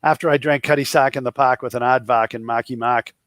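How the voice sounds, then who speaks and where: He talks fairly quickly in a medium-pitched, steady, slightly bright voice with no echo. A man in his fifties with a Boston accent, he's from the Boston area and appears as an entrepreneur guest, telling humorous anecdotes and acting out what other people said.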